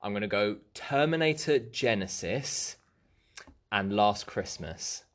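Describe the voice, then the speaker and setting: A man playing along as a contestant in a casual film quiz, excitable and quick to exclaim loudly. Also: on the low side. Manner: excitable, bursts into loud exclamations.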